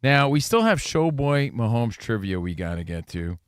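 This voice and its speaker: A man's voice: moderate pace, smooth, dry recording, clean studio sound. A middle-aged man co-hosting a sports radio show, bantering and reading show plugs. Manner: promo-style plugs, expressive pitch swings. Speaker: co-host.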